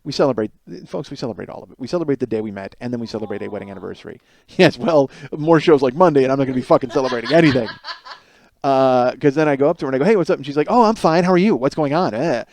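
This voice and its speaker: A man's voice: mid-range voice, racing, gravelly, a little mellow. A man in his thirties hosting a solo comedic monologue, telling a rambling, profane story and laughing between lines. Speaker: podcast host.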